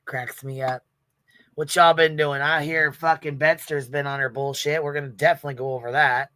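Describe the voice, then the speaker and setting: A woman's voice: sits low, steady tone, a little fast, sharp tone, no echo. A woman hosting a livestream in casual commentary, brash and profane, often breaking into laughter. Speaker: livestream host.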